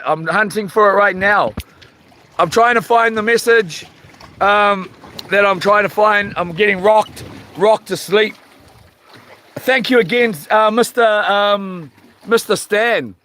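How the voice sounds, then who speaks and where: Fishing at night from a rock by the water, a livestream host talks slowly and loosely into his phone, pausing often as he hunts through chat messages and reads comments aloud. His fairly high, bright voice has a slightly rough, tired edge, and the chat is rambling and halting.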